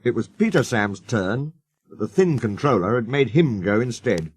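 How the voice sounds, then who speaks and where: A man's voice: mid-range voice, husky. A man reading a children's storybook aloud as narrator, doing the characters' voices. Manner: slow, lively intonation.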